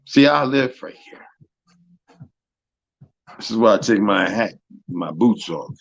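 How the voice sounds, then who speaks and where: A man hosting a live stream, telling stories in a profane, animated way that swings from loud to soft. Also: lowish voice, slow pace, vocal fry, dry recording, highs cut off. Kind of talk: casual storytelling chat.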